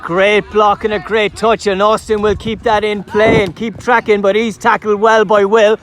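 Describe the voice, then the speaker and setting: A man giving jokey, excitable live commentary on a youth football match outdoors. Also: high-pitched, normal speed, a little hiss or hum. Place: outdoors at a sports field.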